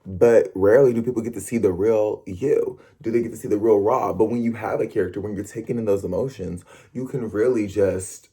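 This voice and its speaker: A young man who performs on stage, chatting to camera in an animated, rambling way with quick self-corrections. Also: lowish voice, slightly rough. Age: young adult. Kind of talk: casual talk to camera.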